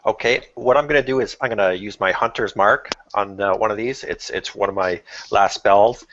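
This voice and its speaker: A man playing a tabletop game, speaking haltingly with many fillers. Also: lowish voice, a bit bright, slight background noise. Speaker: player. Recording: muffled lo-fi audio.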